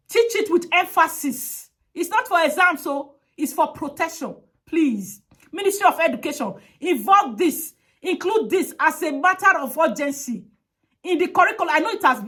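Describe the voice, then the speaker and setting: A woman's voice: high-pitched, fairly bright tone. A woman giving an impassioned public appeal, speaking emphatically and repeating her direct demands. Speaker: advocate.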